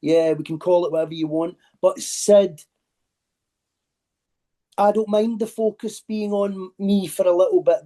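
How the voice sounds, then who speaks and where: A man's voice: sits high, dark tone. A man speaking earnestly and sincerely as a participant in an online workshop over a video call.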